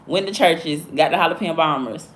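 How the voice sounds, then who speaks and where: Speaking a little fast in a low voice, this Southern-accented livestream host from Alabama, USA, keeps her casual chat blunt and full of slang. She rambles chattily, wandering between stories.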